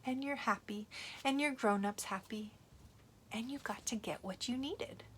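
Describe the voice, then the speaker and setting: Bilingual teacher, woman, bright, animated read-aloud for kids, playful. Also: on the high side, measured pace, a little hiss or hum. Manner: switches between English and Spanish, animated, playful.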